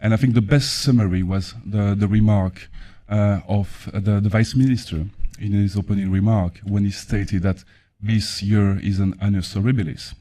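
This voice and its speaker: A man with a French accent chairing a conference panel, speaking haltingly with many fillers and restarts. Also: on the low side, fairly even intonation, mellow. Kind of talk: formal conference speech.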